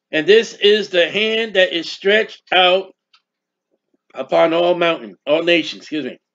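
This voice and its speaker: A man preaching a sermon, reading scripture slowly with emphasis and then explaining in casual asides. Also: sits high, fairly bright tone. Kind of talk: sermon, Bible teaching. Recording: dull lo-fi recording.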